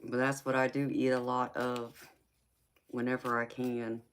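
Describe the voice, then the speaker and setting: A woman chats casually with her livestream viewers. Her voice sits very low and she talks at an unhurried pace. She laughs often and calls people honey and sweetheart. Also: flat delivery, a little hiss or hum. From United States. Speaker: livestream host.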